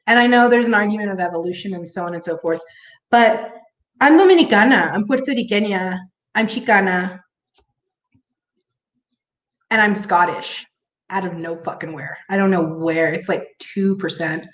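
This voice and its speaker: A vlogger talks casually to her viewers in a mid-range voice at a normal pace, rambling with lots of fillers and restarts. The sound is dull and lo-fi, recorded in an echoey room.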